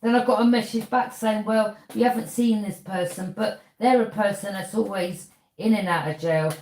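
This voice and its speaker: A woman's voice: mid-range voice, normal speed, darkish tone, echoey room. A woman tarot reader, delivering an accusing monologue to camera and throwing out "yeah?" as a challenge.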